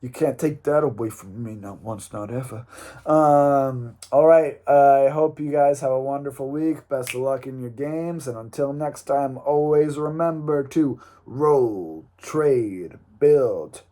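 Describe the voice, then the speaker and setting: Laid back guy doing a league recap, slow and chatty, jokey, lots of ums. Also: mid-range voice, warm tone. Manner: rambling, joking, upbeat with filler ums. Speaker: host of a weekly league round-up. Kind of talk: casual commentary.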